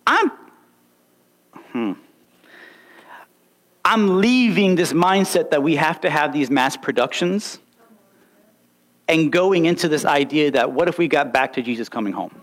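A man's voice: a little high, animated, unhurried, pauses often, a bit bright. A young man preaching a sermon, emphatic and full of rhetorical questions and stories. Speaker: pastor.

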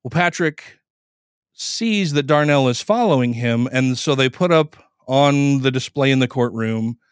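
Smooth-voiced man casually retelling a story. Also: mid-range voice, unhurried, no room sound, clean studio sound. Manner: conversational, profane, acts out quoted lines. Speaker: podcast host. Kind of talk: casual retelling of a court case.

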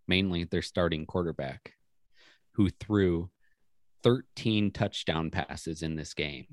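Low-voiced man telling stories casually. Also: no echo, clean studio sound. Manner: rambling storyteller, many restarts. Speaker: podcast co-host. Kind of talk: casual chat.

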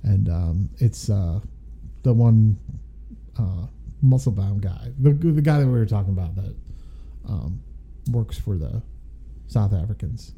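A man's voice: fairly low pitch, animated, unhurried, long pauses, breathy edge, dull audio. A man co-hosting a podcast, reviewing a film in casual, rambling chat with jokey asides. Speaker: podcast co-host.

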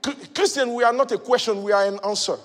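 A male preacher giving a sermon, moving between loud shouted exhortation and quiet teaching. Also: extremely high pitch, quick pace. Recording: long hall reverb.

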